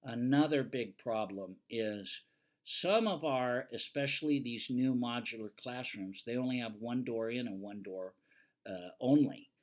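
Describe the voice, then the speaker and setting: A man's voice: mid-range voice, unhurried. Older male fire safety instructor, plainspoken lecture, teasing, firm warnings. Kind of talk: lecture over slides.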